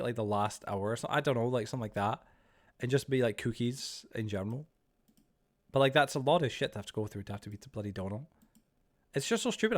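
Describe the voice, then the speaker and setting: Male game streamer, mid-pitched, loose rambling chat full of filler, teasing and joking with friends. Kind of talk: casual live-stream chat while playing.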